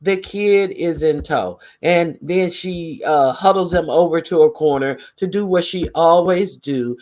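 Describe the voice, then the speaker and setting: A man with a high voice tells gossip in a casual, animated commentary. He is sarcastic and full of profanity, jabbing at the people he talks about. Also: measured pace. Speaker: vlogger.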